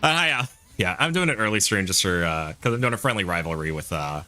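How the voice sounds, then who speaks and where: A man's voice: on the low side, lively intonation, fairly quick, pushed and bright, faint music behind. A young man streaming live, chatting in a rambling, restarting way with frequent swearing while he plays a driving game. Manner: rambling, restarts sentences, swears and laughs often.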